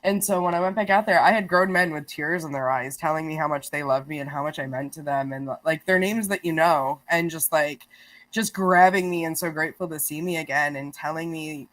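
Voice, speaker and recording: A woman guest on a podcast, telling stories in a casual, animated way, laughing often and restarting her sentences. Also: sits low, a little fast. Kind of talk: casual storytelling.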